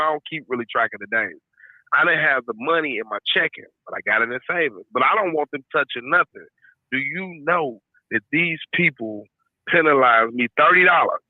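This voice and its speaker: A man's voice: mid-range voice, dry recording. Irate man ranting over a tinny phone. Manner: heated, venting rant with swearing and repeated "you know what I'm saying". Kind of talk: casual chat. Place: parked car.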